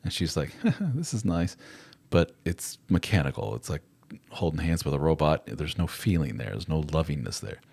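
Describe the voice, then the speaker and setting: Very deep-voiced man chatting casually. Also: normal speed, gravelly, a little mellow. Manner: conversational, rambling, acts out quotes in put-on voices. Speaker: host. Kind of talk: live chat advice talk.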